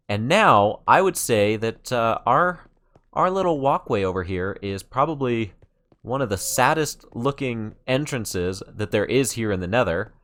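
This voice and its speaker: A man hosting let's-play commentary, rambling with many fillers and growing excited at what he shows. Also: mid-range voice, a little slow. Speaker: gaming channel host.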